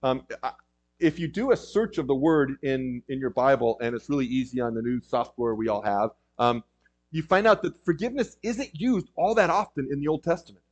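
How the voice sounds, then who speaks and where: A man's voice: medium pitch, fairly quick. A man preaching a sermon in a conversational way, with frequent ums and emphatic rises. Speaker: pastor. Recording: dull lo-fi recording.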